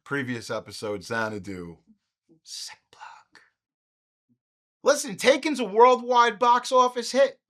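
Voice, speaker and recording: A man hosting a podcast, riffing through a profane, comedic movie retrospective with animated jokes. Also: fairly high pitch. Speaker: podcast host.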